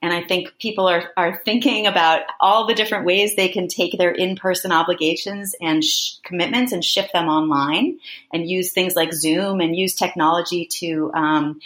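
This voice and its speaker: A woman with a slightly low voice speaks as an enthusiastic interview guest, thinking aloud with frequent restarts. Her voice rings in a roomy, echoey space. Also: steady tone, moderate pace, fairly bright tone. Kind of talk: casual interview.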